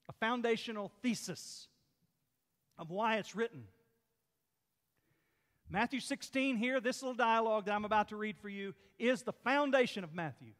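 A man with a Southern American accent, preaching a sermon as pastor in a folksy, animated way and reading scripture dramatically. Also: sits high. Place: church sanctuary. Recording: long hall reverb in church.

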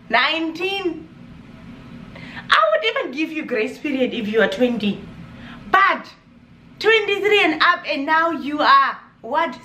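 A young woman with a Namibian accent rants to camera in a casual vlog. Her voice sits high and sounds sharp and bright. She talks with exasperated, animated energy and slips in laughing asides over faint background noise. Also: roomy sound. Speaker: vlogger.

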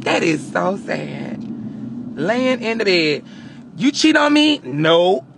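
A high-voiced man, talking loudly and playfully with lots of cursing. His voice has a gravelly edge and often slips into fry. The phone mic inside the car picks up clear road noise behind him. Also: sing-song, takes it slowly. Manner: loud, joking, profane banter with the viewers. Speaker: vlogger. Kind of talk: casual car vlog.

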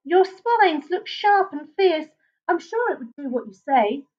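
A woman voicing a small, frightened male bush baby who squeaks and pleads in a panic. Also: sing-song, unhurried, muffled recording, full character voice. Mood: pleading.

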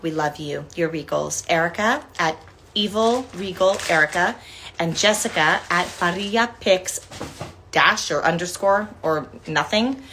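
A woman's voice: medium pitch, bright, forceful tone, a little hiss or hum. A tired woman in her forties chatting on a phone livestream in a room at home, reading fan cards aloud and filling her talk with "like". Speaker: actress thanking fans on a livestream. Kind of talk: casual livestream chat. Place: indoor room with couches.

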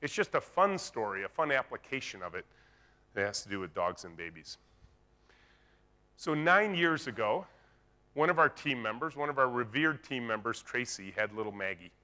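A man's voice: mid-range voice, big pitch swings, moderate pace, sharp tone. A man giving a conference keynote, telling a story and acting out the dialogue in it. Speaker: keynote speaker. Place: conference stage.

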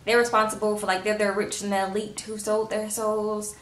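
A chatty woman recaps a TV episode, slipping into the characters' lines as she talks. Her voice sits at an ordinary middle pitch. She is a little distant from the mic, in a room with a noticeable echo. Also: little pitch movement, fairly quick. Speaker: TV episode reviewer. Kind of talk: casual recap vlog. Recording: roomy echo, a bit off-mic.

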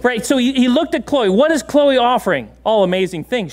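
A man preaching a sermon in a church, animated and laughing often, giving commands to a dog on stage. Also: very high-pitched, fairly quick, few pauses. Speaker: pastor. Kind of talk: sermon with a live dog demonstration. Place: church sanctuary.

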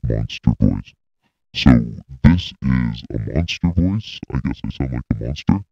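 A man through a deep gravelly monster filter. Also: lively intonation, unhurried, warm tone, no room sound, lo-fi sound, heavily acted. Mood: amused. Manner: amused, testing the effect. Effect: deep monster voice-changer.

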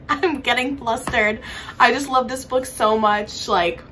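A woman's voice: fairly high pitch, fairly even intonation, unhurried, pushed and bright, a little hiss or hum. A young woman talking casually as a book vlogger, chatty and giggly with lots of "like" fillers. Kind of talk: casual chat.

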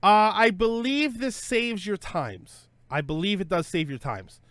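A streamer host thinks aloud and jokes his way through a casual live stream, often correcting himself and leaning on lots of fillers. His high-pitched, expressive voice is a bit bright and moves at a measured pace over a dry recording.

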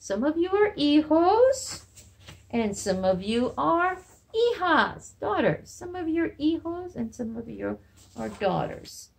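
A woman's voice: sits high, big pitch swings, slow pace, gravelly. A woman teaching a remote Spanish lesson to young children, in a sing-song, encouraging way, repeating words for them to learn.

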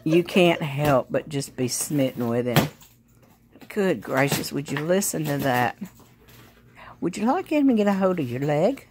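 A woman records her dog at home on her phone, in an unhurried voice that sits low. She turns to bubbly sing-song commands and praise for the dog. A faint hiss runs under the phone audio. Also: animated. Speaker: vlogger filming her dog. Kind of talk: casual home video chat. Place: living room at home, on a sofa. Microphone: phone camera.

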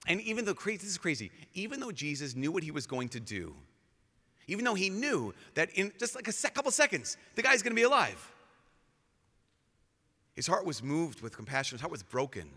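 A man, a priest, giving a lively storytelling talk with casual fillers, acting out quotes in changing voices. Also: on the high side, brisk. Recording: live talk with long hall reverb.

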